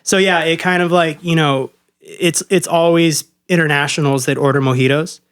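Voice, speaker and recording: Profane ranting man, higher voice. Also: fairly even intonation, moderate pace, a bit bright, clean tone. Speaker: podcast co-host, bartender. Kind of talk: casual podcast chat.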